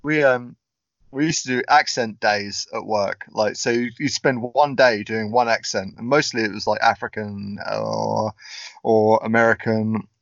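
A man's voice: fairly low pitch, fairly even intonation, measured pace, vocal fry, fairly bright tone, dry recording. Giggly man bantering on a podcast. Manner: giggly, self-mocking banter. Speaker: podcast co-host. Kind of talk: casual chat. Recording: dull lo-fi sound, dry.

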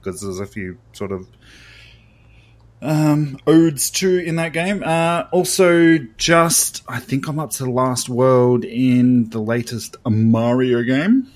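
A man's voice: mid-range voice, slow pace. Laid-back Australian man chatting. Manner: laid-back, rambling with fillers. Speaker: podcast co-host. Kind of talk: casual chat.

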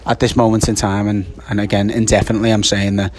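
A man's voice: on the low side, little pitch movement, darkish tone. A man, a little out of breath, co-hosting a casual post-match football reaction and stumbling over his words. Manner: halting, many restarts and fillers. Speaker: football podcast co-host.

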